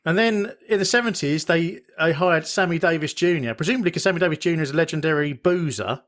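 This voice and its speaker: A man's voice: a little high, fast, fairly bright tone. A British man hosting a podcast in casual chat, rambling and correcting himself as he goes. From Britain. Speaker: podcast host.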